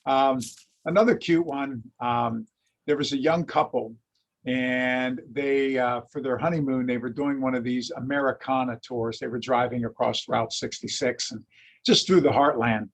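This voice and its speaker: A man lecturing on history, telling anecdotes in a lively storytelling way and acting out the quotes. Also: mid-range voice, moderate pace. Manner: animated storyteller, acts out quotes. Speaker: lecturer and teacher.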